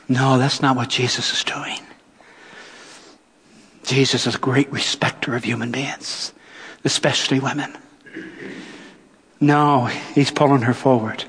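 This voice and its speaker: A middle-aged male pastor preaching a sermon, with dramatic pauses and rhetorical questions. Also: medium pitch, flat delivery, fairly bright tone, slightly rough. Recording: long church reverb.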